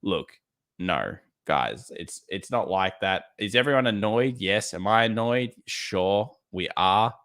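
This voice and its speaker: Australian male streamer, low-ish voice, casual and blunt market talk. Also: animated, slow pace, fairly bright tone. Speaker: trading livestream host. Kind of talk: live market commentary reading chat.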